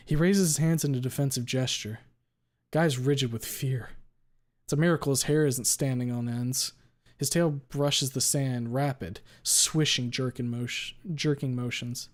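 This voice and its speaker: A man's voice: mid-range voice, fairly even intonation, a little slow. A man streaming a first-person story read-aloud, who occasionally stops to reread a line he stumbled on.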